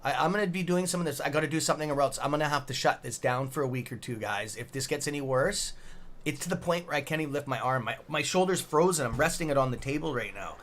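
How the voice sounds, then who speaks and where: A man's voice: a little high, animated, quick pace, a bit bright. A middle-aged man casually hosting a live stream, reading chat aloud and bantering with loose swearing. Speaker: livestream trading host.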